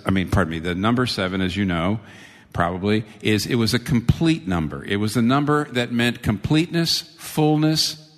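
A man preaching a sermon, animated, jumping up high when he voices the quoted lines. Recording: long reverb of a large hall.

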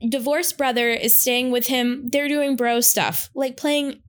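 Woman, high voice, chatty recap host who slips into character lines. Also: measured pace. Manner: animated storytelling, acts out characters' lines. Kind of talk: casual chat recapping a film.

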